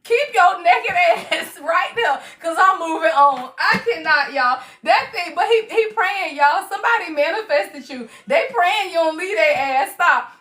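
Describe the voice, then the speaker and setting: A woman's voice: very high voice, bright, forceful tone, echoey room, far from the mic. A woman doing a casual live-streamed tarot reading, slangy and laughing often as she talks to her viewers. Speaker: tarot reader.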